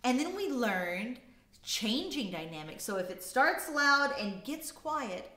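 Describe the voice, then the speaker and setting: A bright-voiced woman teaching children their choir lessons, drawing each word out slowly and demonstrating every term with her voice. She is recorded in an echoey room at home, with faint instrument sounds in the mix. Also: on the high side. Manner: lively, demonstrative, repeat-after-me teaching.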